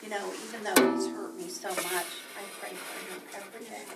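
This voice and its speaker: A woman in a class group, sharing a personal story in halting talk. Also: mid-range voice, steady tone, creaky, loud music behind the voice. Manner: halting, full of fillers and restarts. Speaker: class participant. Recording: distant mic with background noise.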